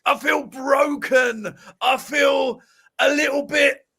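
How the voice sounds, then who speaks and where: A man's voice: very high-pitched, fairly even intonation, slow, gravelly, sharp tone, shouting, voice pushed up, exaggerated voice. A man impersonating a tipsy male football pundit, wailing in a melodramatic way. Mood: heartbroken.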